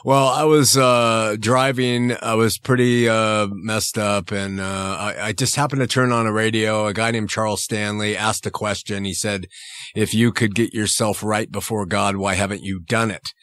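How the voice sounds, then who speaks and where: Middle aged guy, frank and easygoing, lowish voice, dry studio. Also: moderate pace, clear, resonant tone, no room sound. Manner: frank, relaxed. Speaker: guest. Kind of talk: casual interview talk.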